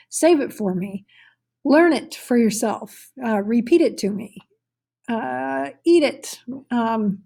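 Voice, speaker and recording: A woman teacher talks her students through a recorded lesson, explaining patiently and pausing on fillers as she goes. Her voice sits a little high, with a mellow, warm tone and a slightly husky edge. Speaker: Spanish teacher.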